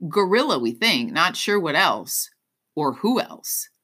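A woman playing a brisk, clipped police officer. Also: sits low, very animated, sharp tone, slightly rough, exaggerated voice. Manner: clipped, businesslike.

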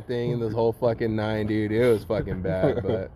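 A man's voice: mid-range voice, fairly even intonation, normal speed, hardly any pauses, dark tone. A young man telling a story in casual chat, swearing constantly and laughing between lines. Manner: profane, laughing, lots of "like". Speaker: host telling stories.

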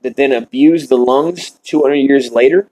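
A man hosting a podcast, delivering a shock-comedy monologue in a deadpan, mock-earnest rant while smoking. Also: mid-range voice, normal speed, low-quality recording. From Ireland. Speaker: podcast host.

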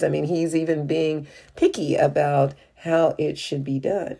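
Low-voiced, mellow woman teaching Bible study. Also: steady tone, measured pace, gravelly, hardly any pauses, breathy edge. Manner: reads scripture aloud then explains it in a conversational way; frequent "uh" and "you know" fillers.

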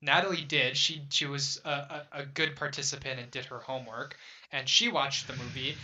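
A young man hosting a relaxed podcast chat, earnest but halting, often stopping on fillers. His voice sits at a middle pitch with a bright tone. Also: slight background noise. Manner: hesitant, many fillers, earnest. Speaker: podcast host. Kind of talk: casual chat.

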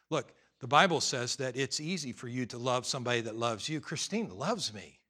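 A man's voice: medium pitch, expressive, normal speed, few pauses, sharp tone. A male pastor preaching a sermon to his congregation, conversational and humorous, acting out little scenes.

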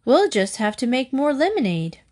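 A woman's voice: high voice, very animated, moderate pace, darkish tone, voice pushed up. A woman voicing a stubborn, determined young girl in a storybook reading. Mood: insistent.

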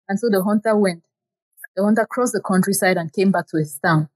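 A woman reading a folk tale aloud in a plain, steady storytelling manner. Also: mid-range voice, brisk, slightly rough, poor audio. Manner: plain, steady storytelling with simple repeated phrasing.

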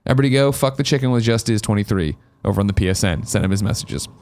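A man's voice: on the low side, rapid-fire, a little mellow. A man hosting a podcast in a studio, reading listener mail in a boisterous, playful, profane way. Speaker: podcast host.

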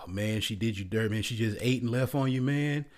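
A man playing a soft-spoken consoling manager. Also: fairly low pitch, little pitch movement, quick pace, voice pushed down, close to an everyday voice. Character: sympathetic male restaurant manager, consoling.

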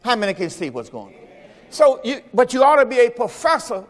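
Very high-voiced and very animated, the pastor preaches a little fast. His folksy sermon repeats phrases and calls on the congregation to answer, set in a church sanctuary during a service with long reverb on the recording.

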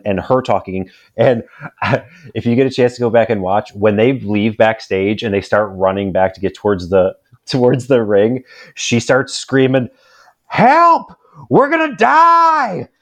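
A man's voice: lowish voice, darkish tone. A man co-hosting a casual podcast chat, making wry jokes. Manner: wry, joking. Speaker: podcast co-host. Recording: slightly dull lo-fi sound.

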